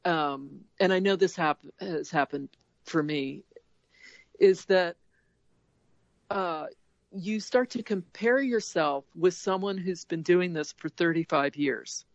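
A woman in casual podcast chat about embroidery, animated and laughing often as she acts out inner voices. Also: on the low side, takes it slowly, dry recording, lo-fi sound.

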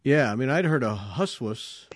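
A man's voice: medium pitch, animated, normal speed, husky, no echo, clean studio sound. A man hosting a needlework podcast, chatty and enthusiastic, joking with his guest. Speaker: podcast host. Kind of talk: casual interview chat.

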